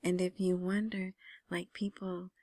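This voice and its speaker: A woman hosting her own vlog, giving casual screen-share commentary on news in a soft, half-whispered way, with many ums and restarts. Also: fairly low pitch, little pitch movement, measured pace, no echo. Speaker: vlogger commenting on Iraqi news and currency.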